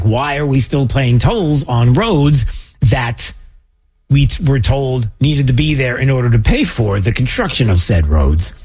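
A man's voice: medium pitch, darkish tone, slightly rough. A male talk radio host giving exasperated commentary with stammering restarts.

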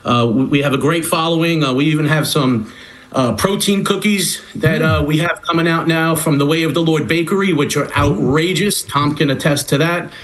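A man with a slightly high voice talks as a guest personal trainer on a radio show. He is upbeat and teasing, and he pitches his products with a salesman's push. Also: moderate pace, a bit bright, rough recording. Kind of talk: casual radio chat.

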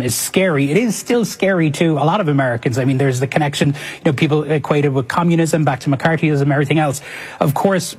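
A man speaking as a journalist guest in a TV news interview, measured and analytical. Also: fairly high pitch, a little mellow, slightly rough. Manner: measured, analytical, hedging fillers.

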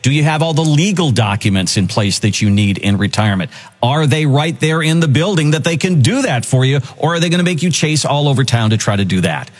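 Husky man hosting with lively pitch. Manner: upbeat, pitchy delivery, repeats the website slowly. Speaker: financial radio show host. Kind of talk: radio show host with promotional reads.

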